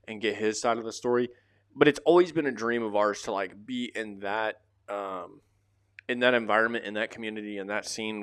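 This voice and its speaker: A man's voice: medium pitch, fairly bright tone, clean tone, dry recording, clean studio sound. Man hosting a casual solo podcast. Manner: loose, rambling, drops casual fillers. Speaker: podcast host. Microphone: close to the microphone.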